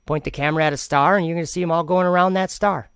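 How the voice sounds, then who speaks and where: Man, gravelly, dry close sound, sarcastic, argumentative commentary vlog host. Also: a little high, fairly even intonation, rapid-fire, fairly bright tone, no echo. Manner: rambling with frequent restarts. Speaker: channel host.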